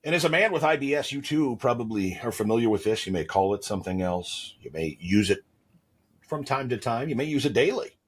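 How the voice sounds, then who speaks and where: A man's voice: medium pitch, expressive, a little fast, breathy edge. A man in his thirties co-hosting a casual podcast, telling stories in a rambling, playful way. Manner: rambling storyteller, playful asides. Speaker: podcast co-host. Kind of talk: casual chat.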